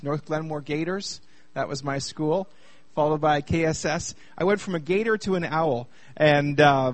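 A man from Canada in his thirties, speaking to a live audience in a fairly high voice. He banters with the crowd, then slows and softens to tell a hard personal story. The sound is dry and close. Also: no echo. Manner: lively and chatty with the audience, turning quieter while telling a hard personal story. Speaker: speaker at a youth gathering.

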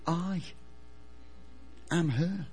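A man's voice: a little high, extremely slow, darkish tone, slight background noise. A man putting on the voice of an earnest young woman who insists on her story. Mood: insistent.

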